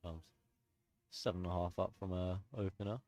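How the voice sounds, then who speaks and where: Deep-voiced man co-commentating powerlifting. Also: dry recording, highs cut off. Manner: relaxed, laughs often, quick asides. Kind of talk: live sports commentary, casual chat.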